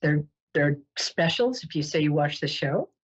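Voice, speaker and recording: Brief: New York woman, psychic show host, low husky voice, lively swoops, joking, chatty, muffled lo-fi sound. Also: moderate pace. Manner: playful, joking, digressive. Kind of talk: casual chatty monologue. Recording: dull lo-fi webcast audio.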